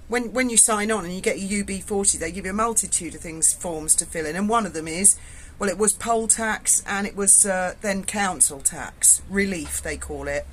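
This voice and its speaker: A woman's voice: medium pitch, a bit bright, slight background noise. A woman, telling a frank, salty story to her viewers from indoors at home. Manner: chatty, frank and salty, with swearing. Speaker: vlogger.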